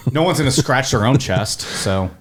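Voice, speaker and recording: A man's voice: medium pitch, normal speed. A man co-hosting a podcast, joking and rambling in casual banter. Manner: jokey, rambling, animated. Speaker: podcast co-host.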